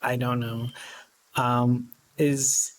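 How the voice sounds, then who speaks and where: A woman playing a tabletop role-playing game, speaking quietly and haltingly. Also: rumbling low, flat delivery. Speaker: player.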